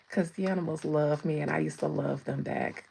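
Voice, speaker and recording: A woman's voice: low voice, creaky, darkish tone, husky, rough recording. A woman hosting a casual tarot livestream, chatting with viewers and laughing often. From United States. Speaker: tarot reader and livestream host.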